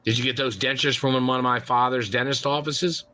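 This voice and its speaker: A man calling into a livestream, ranting angrily with constant cursing and shouted accusations. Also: medium pitch, steady tone, brisk, slight background noise. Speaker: caller on a livestream. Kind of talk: angry profane rant.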